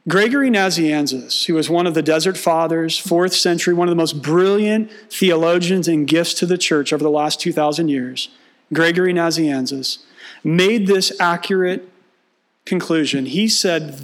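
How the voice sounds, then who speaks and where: A man's voice: on the high side, normal speed. A male pastor preaching a sermon, mixing teaching with humorous storytelling and acted-out dialogue.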